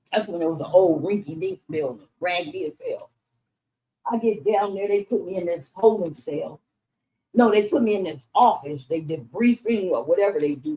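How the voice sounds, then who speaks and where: A woman's voice: on the low side, a little mellow, low-quality recording. A middle-aged woman from Los Angeles telling her life story in a casual interview, cursing freely and acting out the voices of the people in it. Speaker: interview guest.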